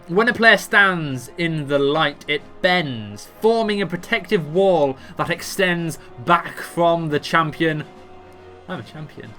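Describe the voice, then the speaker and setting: A man narrates his gameplay in an offhand, jokey way, reading ability text and tripping over words. His voice is bright and forward, and faint music sits under it. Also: on the high side. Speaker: gamer explaining a raid boss. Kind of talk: casual gameplay commentary, reading abilities aloud.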